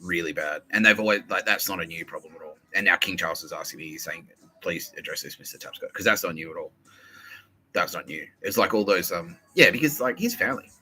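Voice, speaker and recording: A man hosting a podcast in a rambling, profane comedic monologue, jumping between loud outbursts and low mutters. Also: poor audio. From Australia. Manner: crude and profane, swings between loud bursts and mumbles. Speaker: podcast host.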